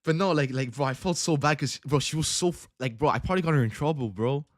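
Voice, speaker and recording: A man's voice: fairly high pitch, quick pace, no echo, studio quality. A young man hosting a livestream, telling a rambling casual story and saying bro a lot. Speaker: livestream host, day trader.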